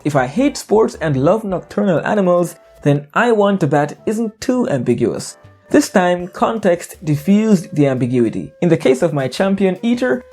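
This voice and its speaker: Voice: mid-range voice, dark tone. An English teacher giving an educational narration, explaining playfully with jokes and wordplay.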